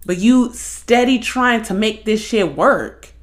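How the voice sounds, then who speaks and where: A woman's voice: on the high side, takes it slowly. Blunt, profane young woman podcaster. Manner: blunt, profane, animated storytelling. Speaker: podcast host. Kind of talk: casual monologue.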